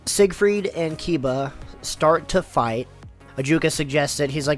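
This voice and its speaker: A man's voice: on the high side, unhurried, soft background music. A man giving a loose, rambling spoken summary of a story, full of fillers and swearing. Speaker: YouTuber summarizing light novels.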